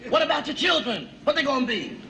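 An actor playing a brash, blustering middle-aged father in a sitcom, loud and wisecracking. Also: extremely high pitch, sing-song, quick pace, background noise. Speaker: sitcom character. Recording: echoey 1970s sitcom, loud audience laughter.

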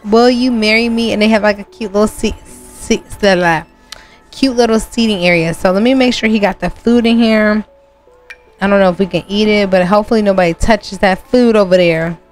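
A woman hosting a gaming channel, narrating her gameplay casually to viewers with sudden high exclamations. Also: a little fast, a little mellow, faint music behind.

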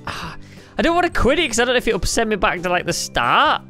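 Woman, gaming commentary, playful and excitable, pitch leaping up and down, game music behind. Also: fast talker. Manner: excitable, playful, talks to herself while playing. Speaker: gaming YouTuber. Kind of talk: casual gameplay commentary.

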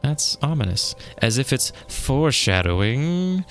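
A man's voice: mid-range voice, big pitch swings, unhurried, soft background music. A man giving playful walkthrough commentary over a game, goofy and joking with wordplay. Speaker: game streamer.

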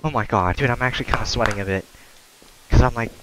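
A man giving crude, profane let's-play commentary on a horror game, joking and yelling when scared. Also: mid-range voice, quick pace, noisy background. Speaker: gamer playing a horror game.

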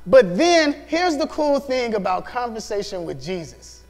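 Male youth pastor, high voice, lively storytelling sermon, reverberant hall. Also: unhurried. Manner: animated, acts out voices, laughs often.

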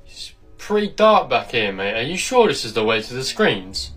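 A man's voice: medium pitch, big pitch swings, moderate pace, fairly bright tone, slightly rough, far from the mic, soft background music. A young man playing a cheeky, joking teenage boy sneaking into a film.

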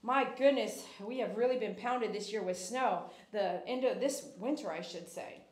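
A woman dog groomer on a live stream, softly coaxing a dog as she trims it, then cheerfully greeting and thanking her viewers. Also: mid-range voice, normal speed, roomy sound. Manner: coaxing, sing-song baby talk to the dog; cheery, loud sign-off reading viewer comments. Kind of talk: soft talk to a dog while grooming, then upbeat chat with live viewers.

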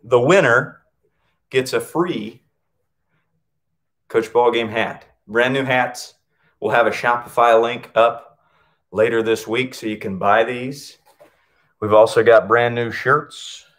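A man's voice: medium pitch, fairly even intonation, slow pace, pauses often, fairly bright tone. A man running a live-streamed PE class, upbeat, calling out nicknames and counting exercise reps, short of breath from working out. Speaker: PE coach.

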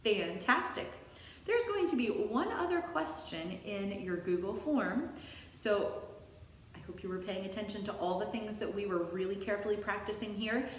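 A woman's voice: mid-range voice, animated, normal speed. A woman teaching a song in call and response, singing lines for the class and then coaching how to pronounce the words. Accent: non-rhotic, drops the R. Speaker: music teacher. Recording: very echoey room with long reverb.

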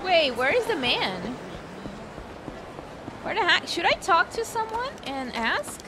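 Casting: high, animated woman streamer, excitable, over loud game street noise. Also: slow pace. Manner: excitable, chatty, reacting aloud. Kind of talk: casual gameplay commentary.

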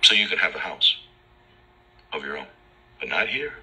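A man's voice: deep voice, sing-song, normal speed, bright, forceful tone, rough recording. A man angrily recounting his own story in a profane rant, acting out what others said to him. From Los Angeles. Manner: ranting, profane, acts out officers' lines. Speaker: vlogger. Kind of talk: angry personal rant.

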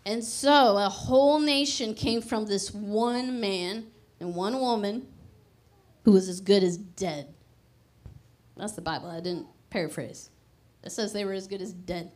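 A woman's voice: mid-range voice, darkish tone. A young adult woman preaching a sermon in a casual, conversational way, often laughing and stressing words playfully. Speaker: pastor.

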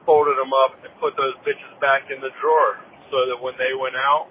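A man's voice: medium pitch, level tone, moderate pace, narrow, tinny audio, a little hiss or hum. A man with a Southern US accent calling in to confess a crude, boastful revenge story by voicemail. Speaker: caller.

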